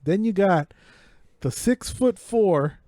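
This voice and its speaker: A man co-hosting a podcast, telling a story in casual, profanity-heavy chat that keeps building in excitement. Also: high-pitched, slow pace, dry recording, studio quality. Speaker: podcast co-host. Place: home podcast setup.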